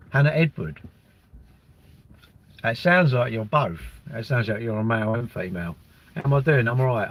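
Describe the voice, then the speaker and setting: A man hosting a livestream, chatting casually and joking in a rambling way while reading out viewer messages. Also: medium pitch. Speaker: livestream host reading chat. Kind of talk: casual chat.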